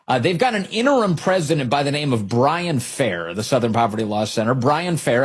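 Husky sarcastic talk radio host. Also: male voice, mid-range voice, very animated, fairly quick, hardly any pauses. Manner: sarcastic, combative, mocking. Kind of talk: political talk radio monologue.

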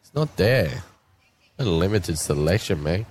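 A man's voice: lowish voice, expressive, moderate pace. A man with an Australian accent hosting a casual outside radio broadcast, laid-back and slangy. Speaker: radio host. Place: shed at an outdoor showground.

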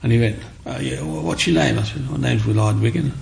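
A man's voice: on the low side, expressive, fairly quick, creaky, darkish tone. A man, an interview guest telling his life story and acting out the people in it. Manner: acts out the people in his stories. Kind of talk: personal storytelling.

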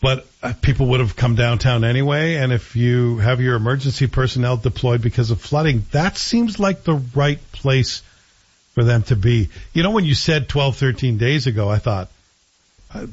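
A man hosts a morning talk radio show in a chatty, joking way, leaning into his stories. His voice sits at an ordinary middle pitch. The sound is slightly dull, like a radio broadcast feed. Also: normal speed, slightly rough. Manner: chatty, jokey, animated storytelling.

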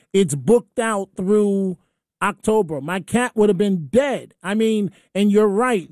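A man's voice: high-pitched, darkish tone, no room sound, clean studio sound. A man hosting a call-in radio talk show, telling a personal story in a chatty, emotional way. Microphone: studio microphone.

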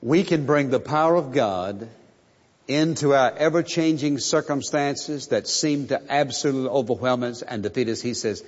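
Man preaching slowly in an echoing hall. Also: medium pitch. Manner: slow, emphatic preaching with repeated phrases. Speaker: pastor. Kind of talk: sermon. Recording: muffled sound in a reverberant hall.

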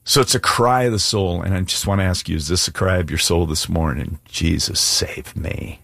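A man's voice: low voice, a little fast, gravelly, fairly bright tone, dry recording, clean studio sound. A male pastor preaching an earnest, emphatic sermon and altar call, plain-spoken with casual asides.

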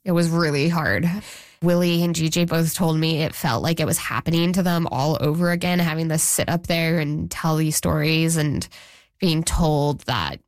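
A woman journalist speaks in a slightly low voice, recounting events casually. She restarts her sentences often and slips into quoted speech. The recording is dry and close. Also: steady tone, moderate pace, no echo. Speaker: journalist guest. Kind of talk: interview conversation.

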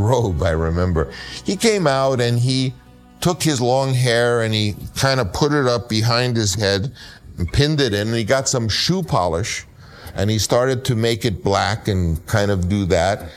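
An older man, a film director, telling a personal anecdote with lively storytelling that acts out other voices. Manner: acts out other people's voices, jumping high for quotes.

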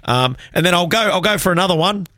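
A man's voice: high voice, lively intonation, fast talker, sharp tone, dry recording, clean studio sound. An Australian man hosting a community radio music show, chatting casually and rambling with self-deprecating asides. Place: radio studio.

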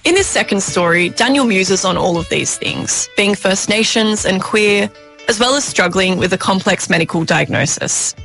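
Woman presenting a radio show over soft music. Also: mid-range voice, normal speed, creaky. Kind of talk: scripted presenting.

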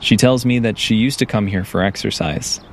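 Low-voiced male documentary narrator. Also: a little hiss or hum. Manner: measured, calm storytelling. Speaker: reporter and narrator. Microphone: studio voice-over mic.

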